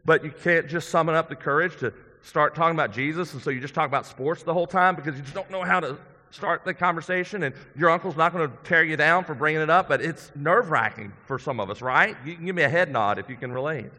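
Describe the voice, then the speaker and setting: A man preaches in a church with a fairly high, bright voice. He talks to the congregation in an earnest, conversational way, pressing hard on some points and going quiet on others. His words ring out in a long hall reverb. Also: fast talker. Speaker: pastor. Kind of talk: sermon.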